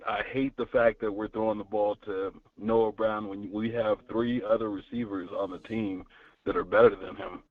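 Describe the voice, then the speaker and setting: A man's voice: on the low side, no echo, distant mic. A man calling in to a sports show, frustrated and stumbling over repeated words. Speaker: caller. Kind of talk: call-in sports talk. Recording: tinny, breaking-up phone line.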